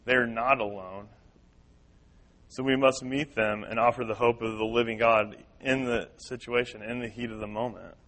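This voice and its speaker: A man's voice: medium pitch, fairly bright tone, low-quality recording. Earnest man teaching a church class. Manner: earnest, repeats key points, acts out quoted voices.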